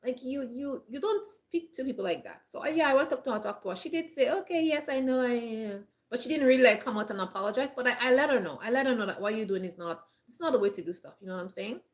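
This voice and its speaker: A lifestyle vlogger talks to camera in a slightly high, animated voice, speaking fast with hardly any pauses. Her advice is earnest and chatty, and she often repeats herself and restarts her phrases.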